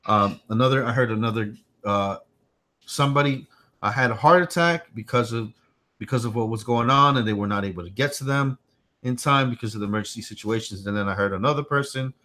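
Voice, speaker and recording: On a casual livestream from home, a tech channel host rambles along in a brisk, sharp-toned voice of medium pitch. He repeats himself and breaks off now and then to speak to his small son.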